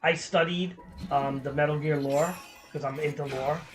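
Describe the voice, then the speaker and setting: A man's voice: fairly high pitch, fairly even intonation, normal speed, over music. A man streaming a game, chatting in a casual, rambling way, swearing freely and filling with "like". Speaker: gaming streamer.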